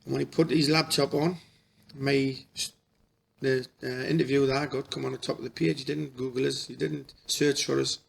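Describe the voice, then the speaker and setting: A middle-aged man telling a personal story in a halting, emotional way, restarting his sentences often. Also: medium pitch, little pitch movement, creaky, a little hiss or hum. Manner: halting, repeats and restarts, folksy dialect. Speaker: spiritual healer.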